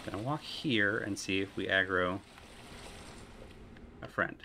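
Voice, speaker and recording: A man doing live commentary while playing a video game, excitable, swearing and talking to himself. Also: on the low side, measured pace, creaky, a little hiss or hum.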